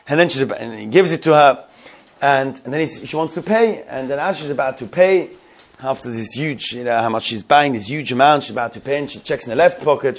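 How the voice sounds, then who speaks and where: Male teacher, storytelling lesson, animated, fairly high voice, restarts a lot. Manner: animated, many restarts, quizzes students.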